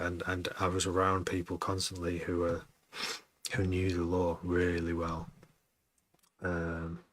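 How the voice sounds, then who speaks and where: Deep-voiced, bright, rambling man. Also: dry recording. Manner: rambling, swears often, laughs at himself; starts and stops mid-sentence, repeats words. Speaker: music producer streaming a session. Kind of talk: casual chat.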